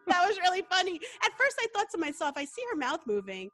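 Woman co-host, high voice, chatty and easygoing. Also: sing-song, brisk, a bit bright, dry recording. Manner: chatty, laughs often. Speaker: talk show co-host. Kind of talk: casual chat.

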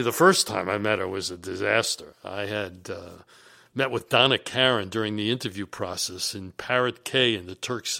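A man who is a business executive, telling career stories in a deliberate, emphatic and animated monologue. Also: on the low side, gravelly. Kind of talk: storytelling monologue.

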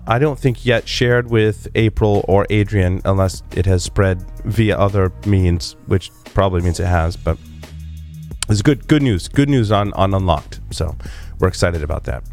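Hoarse-ish male podcast host, rambling. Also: fairly low pitch. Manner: energetic, rambling with restarts. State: losing his voice. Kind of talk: casual podcast talk and read ads.

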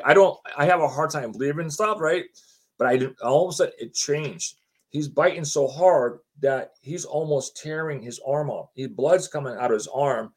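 At a normal pace, a man with a slightly rough, somewhat high voice relates his experience as a homeowner in casual conversation. He animatedly imitates the words of others.

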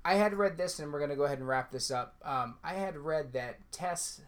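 A man's voice: on the high side, fairly quick. A man hosting a casual podcast who teases his co-host and talks over him. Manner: playful, teasing, talks over others. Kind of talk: casual movie review chat.

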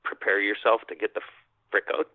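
A man from Canada, a podcast guest, telling a personal encounter story in an animated way, acting out his own thoughts and repeating phrases. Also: on the low side, fairly quick, no room sound. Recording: dry tinny phone-line sound.

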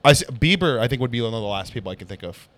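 Animated man telling stories. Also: mid-range voice, rapid-fire. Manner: animated storyteller, swears a lot. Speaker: comedian guest. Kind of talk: casual podcast chat.

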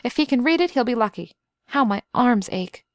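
A woman voicing an excitable young invalid man who is wry, talkative and full of schemes, in a storybook reading. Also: a little high, a little fast, dry recording, close to an everyday voice. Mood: wry, fussing.

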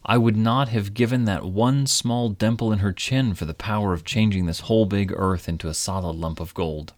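A man's voice: on the low side, moderate pace, darkish tone, no room sound, natural voice. A man voicing a grieving, remorseful old king who pleads with emotional outbursts in a storybook reading. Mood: despairing.

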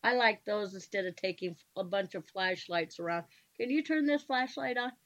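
A woman's voice: mid-range voice, normal speed, fairly bright tone. A woman paranormal investigator explaining her methods in a plain, matter-of-fact way during a casual chat. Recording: dull lo-fi sound.

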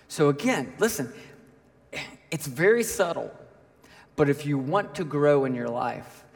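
A man preaching a sermon as a pastor, conversational and animated, often checking in with "right?" as he tells a story. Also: on the high side, long reverb tail.

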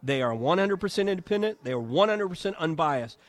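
A man's voice: fairly high pitch, lively intonation, a little fast. A man hosting a live radio talk show from a home and garden show, chatting, joking and reading ads.

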